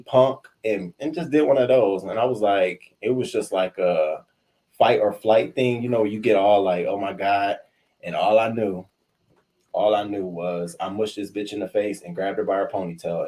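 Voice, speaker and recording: A young adult man telling a school story in an animated, profane way, acting out the voices of the people in it. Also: lowish voice. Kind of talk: confessional storytelling.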